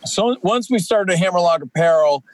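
A man's voice: sits high, lively intonation, moderate pace, dry recording, poor audio. A man in his forties, a professional wrestler guesting on a podcast, talking casually and rambling with many fillers and restarts. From Atlantic Canada.

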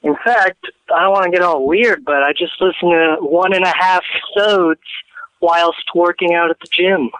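A man calling in to a show, his voice bright and crisp on a dry line. He talks casually and jokes along in a relaxed way. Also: high-pitched, normal speed, no echo, low-quality recording. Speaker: caller. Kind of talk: casual phone chat.

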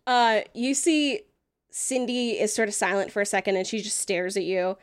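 A woman's voice: medium pitch, moderate pace, clean tone. A woman running a tabletop game as game master, narrating in a casual, swearing, giggly way.

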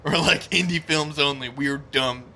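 A man's voice: on the high side, unhurried, pushed and bright. A man in casual chat, ranting in mock exasperation and trailing off at times.

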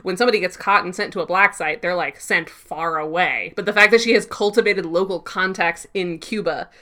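Woman podcast host recapping an episode, bright edgy voice, a bit low, laughs a lot. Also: fairly quick. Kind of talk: casual recap chat.

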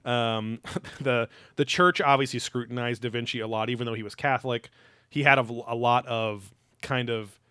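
A young man with a mid-pitched voice talks loosely and sarcastically, swearing freely as he rambles through a show recap. The sound is close and dry, with no room echo. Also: fairly even intonation, moderate pace, pushed and bright, smooth. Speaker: podcast co-host. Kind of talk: casual profane chat reviewing a TV episode.

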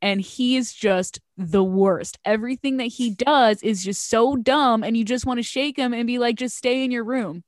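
A woman chatting casually, jumping up in pitch for quoted voices and trailing off softly. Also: moderate pace, hardly any pauses, no room sound, studio quality. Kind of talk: casual chat about TV shows.

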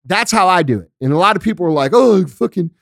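A man with a notably high voice for a male speaker hosts a podcast, ranting bluntly and swearing freely. He talks close to a studio microphone in a dry, dead-sounding space with no room echo. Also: animated, very fast, a bit bright. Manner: profane, blunt, emphatic; conversational, uses everyday analogies. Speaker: podcast host. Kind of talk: casual podcast rant.

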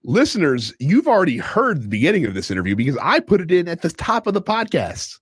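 A man's voice: a little high, wildly swooping pitch, quick pace, a crowd in the background. A man hosting a podcast in casual chat, acting out quotes and swearing freely. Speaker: podcast host.

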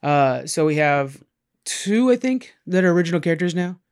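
A man's voice: on the high side, expressive, normal speed, smooth. A man co-hosting a casual gaming chat, laid-back and slangy, explaining things to listeners. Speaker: podcast co-host.

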